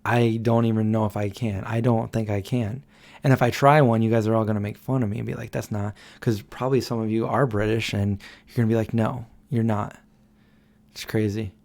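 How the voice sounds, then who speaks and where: A man's voice: on the low side, steady tone, fast talker, a little mellow. A man in his thirties hosting a casual late-night livestream at home, chatting loosely and reading out viewer comments. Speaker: livestream host.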